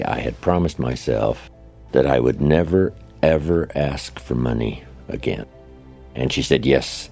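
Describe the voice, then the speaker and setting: Gravel-voiced man, very deep and husky, telling folksy stories from a stage. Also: darkish tone. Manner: folksy anecdotes with asides to the audience. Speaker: motivational speaker. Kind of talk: storytelling motivational speech.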